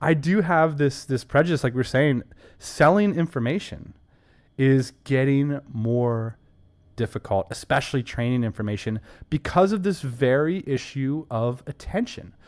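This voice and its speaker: A man co-hosting a casual business podcast, talking emphatically and enthusiastically with quick asides. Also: medium pitch, darkish tone. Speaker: podcast co-host.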